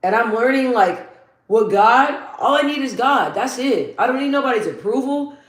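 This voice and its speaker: A woman vlogger with a deep, bassy voice chatting casually while doing her makeup, blunt and slangy, repeating phrases for emphasis like a motivational talk. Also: expressive, moderate pace. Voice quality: deep for her, in her own words. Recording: roomy echo.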